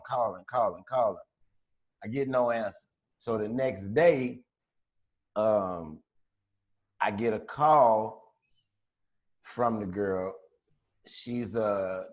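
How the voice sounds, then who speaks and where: Man telling a story, animated and profane. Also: medium pitch. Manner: animated, profane, acts out voices in his story. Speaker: podcast co-host. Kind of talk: casual storytelling.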